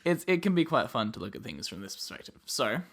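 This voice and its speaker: A man's voice: medium pitch, big pitch swings, fast, a bit bright. An Australian man hosting a podcast, explaining at length in a casual way with plenty of "um"s. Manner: explains at length with many ums. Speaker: podcast host.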